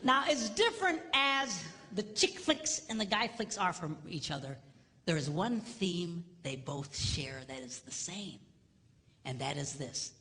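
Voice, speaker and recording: A middle-aged man giving a comedic marriage seminar, animated, acting out voices and dropping to a whisper for emphasis. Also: sits high, unhurried, long reverb tail, a little hiss or hum. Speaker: seminar speaker.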